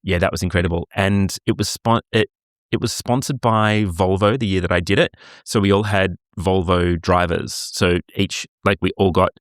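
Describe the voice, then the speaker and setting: An easygoing Australian man in casual chat who tells stories against himself. His voice is very deep. The recording is close and dry. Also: fairly even intonation, moderate pace, no echo. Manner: easygoing, self-mocking storyteller. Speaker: podcast co-host.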